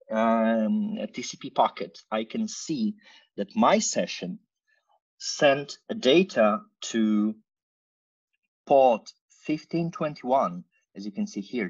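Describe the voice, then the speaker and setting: A man's voice: lowish voice, a little mellow, highs cut off. A man giving a technical talk over a screen share, casual and full of fillers and playful asides. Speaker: conference speaker.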